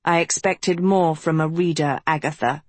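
A woman's voice: fairly even intonation, a little mellow, no echo. A woman doing a sinister decayed old male schoolmaster villain. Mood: coldly mocking. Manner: cold, menacing, low and slow. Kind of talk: audiobook reading.

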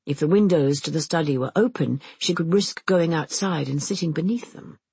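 A narrator reading a novel aloud in a measured storytelling manner. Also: creaky, breathy edge, no echo. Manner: measured storytelling with expressive, shifting pitch. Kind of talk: audiobook narration of a historical mystery.

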